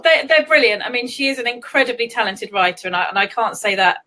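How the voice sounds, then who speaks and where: A woman's voice: fairly high pitch, expressive, fast talker, sharp tone. A woman from England hosting a casual livestream chat, giggling often and chatting in a scattered way. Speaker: livestream host. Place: home livestream.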